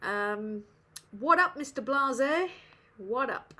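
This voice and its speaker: Slow, bright-voiced woman. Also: high-pitched, lively intonation. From northern England. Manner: sweary, self-mocking, rambling. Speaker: livestream host. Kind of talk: casual live Q&A chat.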